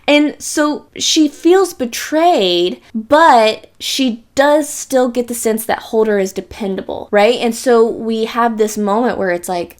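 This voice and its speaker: A young woman with a slightly high voice reviews a book in a relaxed monologue. She is animated and chatty, checking in with her listener as she goes. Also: unhurried, hardly any pauses. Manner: animated, chatty, peppers speech with "right?" and "like".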